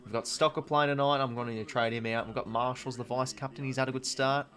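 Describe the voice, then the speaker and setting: Young Aussie stream host, twenties, medium voice, relaxed rambling delivery, answers chat as he goes. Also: medium pitch, fast. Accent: Australian. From Australia. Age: 20s. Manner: chatty, reads viewer comments, says "mate" often. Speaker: livestream host. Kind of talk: casual live watch-along chat.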